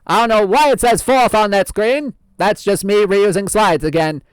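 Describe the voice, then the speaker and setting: A man with a high, clear, resonant voice, recorded dry and close to how he normally sounds, hosts a show as a hammy, folksy 1920s radio announcer. His put-on old-timey delivery is theatrical and drawn out, and he laughs at himself.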